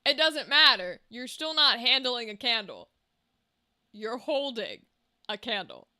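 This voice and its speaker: A woman's voice: fairly high pitch, big pitch swings, a little slow, bright, forceful tone, dry recording, studio quality. A young woman game streamer chatting casually with viewers, brash and teasing, swearing freely and laughing often into a desk microphone.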